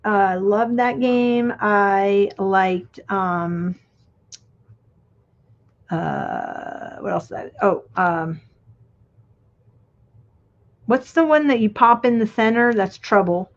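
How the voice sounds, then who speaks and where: A woman's voice: mid-range voice, fairly even intonation, slow pace, pauses often. A middle-aged woman chatting casually while she crafts on a livestream, reminiscing and trailing off as she works. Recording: dull lo-fi stream audio.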